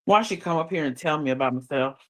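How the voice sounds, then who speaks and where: A woman's voice: low voice, quick pace, fairly bright tone. A woman live-streaming from her phone while lying in bed, chatting casually and in slang, reading her chat aloud and laughing often. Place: her bed under blankets.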